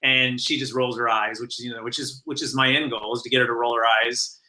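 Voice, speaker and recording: Guest, male: halting storyteller, lots of ums and uhs, very bright sharp tone. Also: medium pitch, steady tone, poor audio. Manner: hesitant, many fillers and restarts, laughs often. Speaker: guest, animated series showrunner. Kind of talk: casual podcast interview.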